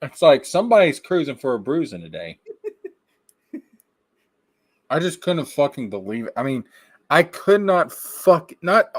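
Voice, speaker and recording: A man in casual chat, ranting with animated, profane mock outrage. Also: fairly high pitch, dry recording, studio quality. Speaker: podcast co-host.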